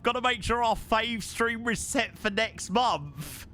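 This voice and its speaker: A man's voice: very high-pitched, lively intonation, measured pace, bright, forceful tone, slight background noise. A young man, chatting casually with viewers on a live stream and thanking them by name.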